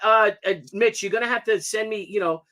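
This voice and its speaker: A man's voice: high-pitched, fairly even intonation, a little fast, bright, forceful tone. A man co-hosting a casual podcast chat, bantering and joking with his guest. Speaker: podcast co-host.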